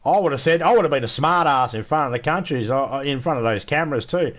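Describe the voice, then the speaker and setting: A man's voice: a little high, animated, fast talker, a bit bright. A man with an Australian accent, streaming a game and ranting crudely with lots of swearing. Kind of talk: casual gaming livestream rant.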